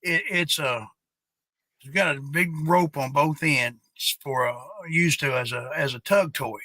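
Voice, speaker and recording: Slow-talking profane stream host, man. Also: a little high, bright, forceful tone, dry recording. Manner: rambling, profane, drawn-out. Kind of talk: casual live stream chat.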